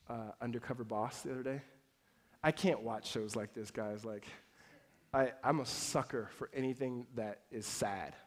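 A man preaching a sermon in a conversational style, moving between loud urgency and soft, intimate moments, and acting out quoted voices. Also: mid-range voice. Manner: acts out quoted voices and jokes with the congregation. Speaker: pastor.

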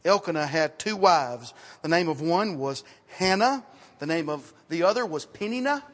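A man preaching a sermon as pastor, in a conversational style, repeating words and dropping to quiet asides. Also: fairly high pitch, animated, normal speed. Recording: reverberant hall, sometimes off mic.

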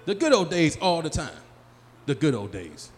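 A man in his forties doing a live stand-up set, working the crowd loudly and acting out his friends in high, excited voices. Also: normal speed. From Chicago area. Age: 40s. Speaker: stand-up comedian. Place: small live venue. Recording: live room with long reverb and faint hum.

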